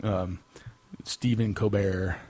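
A middle-aged man co-hosting a casual podcast, throwing in quick jokes and wisecracks. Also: low voice, fairly even intonation, darkish tone. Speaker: podcast co-host. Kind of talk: casual chat.

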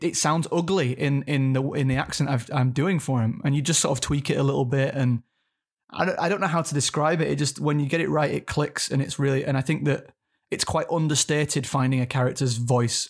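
A man's voice: mid-range voice, steady tone, a little fast. A man from England, an actor being interviewed, talking in a casual and reflective way with frequent restarts. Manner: thoughtful, restarts sentences often. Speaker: actor guest.

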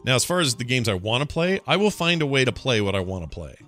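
Fast and fairly bright, this man's mid-range voice swings widely in pitch. He co-hosts a gaming podcast, reading listener emails and chatting casually in a rambling style, frequently stopping to correct himself mid-sentence.

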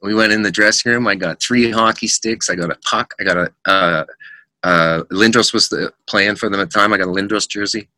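A middle-aged man with a forceful, bright voice and a slightly low pitch tells rock-tour stories as a podcast guest. He slips into other people's voices for quotes and laughs as he goes. The sound is dry and close. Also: a little fast, no echo. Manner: animated anecdotes, acts out quotes, laughs often. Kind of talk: casual storytelling in a podcast interview.

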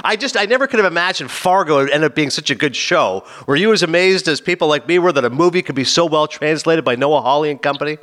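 A man's voice: on the high side, lively intonation, quick pace, hardly any pauses, fairly bright tone. A male interviewer effusively praising his guests and rattling off their credits. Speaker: interviewer host.

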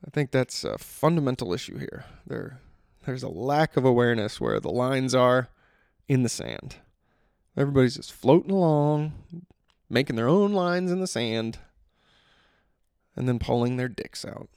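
Gravelly man rambling on a podcast. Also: medium pitch, big pitch swings, moderate pace, a little mellow, dry recording, clean studio sound. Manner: rambling, profane, self-interrupting. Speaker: podcast host. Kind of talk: casual solo podcast monologue.

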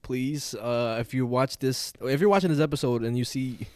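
A man's voice: medium pitch, normal speed, a little mellow, no room sound. Profane podcast host man, dry sound. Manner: loose, profane, "bro". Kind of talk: casual podcast chat.

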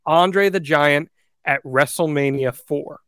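A man hosts a casual chat podcast in a playful emcee manner, announcing results and keeping things moving. His voice sits a little high for a man. The recording is close and dry, with no room sound. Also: slow, fairly bright tone, no room sound. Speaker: podcast host.

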